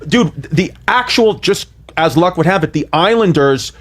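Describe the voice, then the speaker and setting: Animated New man telling a profane story. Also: high voice, normal speed. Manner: animated, profane, acts out quoted lines. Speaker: comedian telling a story on a podcast. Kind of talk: comedic storytelling.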